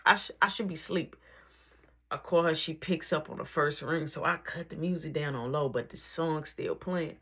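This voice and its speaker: A woman telling a personal story in a casual, slangy way, with animated bursts and drops to near whispers. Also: low voice, normal speed, husky.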